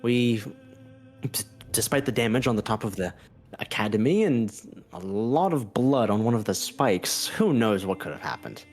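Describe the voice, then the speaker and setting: A man's voice: on the low side, animated, moderate pace, faint music behind, natural voice. A man voicing a nervous, fussy male academy headmaster with glasses who talks in an uneasy, rambling way.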